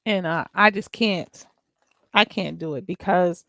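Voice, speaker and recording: A woman's voice: fairly low pitch, unhurried, vocal fry, bright, forceful tone, dry recording, studio quality. A middle-aged woman hosting her own vlog, talking in an emphatic, exasperated, preachy way. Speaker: YouTube channel host. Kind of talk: casual vlog rant.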